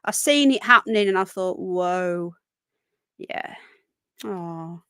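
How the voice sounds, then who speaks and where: A woman's voice: mid-range voice, animated, measured pace, a bit bright, clean tone, dry recording, clean studio sound. Chatty British woman hosting a livestream. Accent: British English. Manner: chatty, rambling, talks to chat viewers by name. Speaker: livestream host. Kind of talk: casual live chat reading comments.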